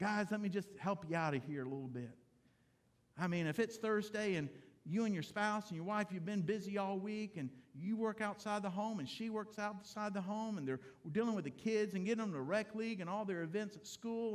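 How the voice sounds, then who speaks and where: High-voiced man preaching conversationally. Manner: conversational, humorous preaching addressing the congregation directly. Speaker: pastor. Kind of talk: sermon. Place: church sanctuary.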